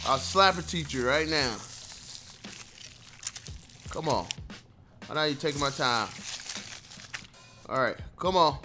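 A man giving loud, frustrated gameplay commentary, yelling and trash-talking at the game. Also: fairly high pitch, lively intonation, takes it slowly, long pauses, music in the background. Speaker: gameplay streamer.

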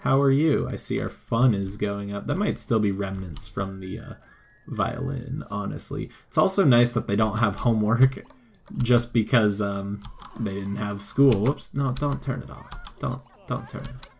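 A man's voice: lowish voice, moderate pace, vocal fry, breathy edge. Playful man commentating a game. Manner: playful, sarcastic, talks to the characters. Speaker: gameplay commentator. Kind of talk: let's play commentary.

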